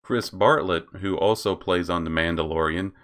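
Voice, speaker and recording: A man's voice: low voice, normal speed, fairly bright tone. A man hosting his own commentary channel, reading out posts and reacting with frequent laughter, swearing and stumbles over names.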